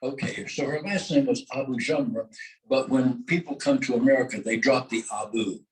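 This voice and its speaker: Older man, luncheon guest speaker, mid-range pitch, halting and full of filler sounds, voice off the mic. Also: far from the mic, rough recording. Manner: engages the audience with questions and call-and-response. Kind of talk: luncheon talk. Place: luncheon meeting room. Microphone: microphone held at a distance. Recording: voice heard from off the mic.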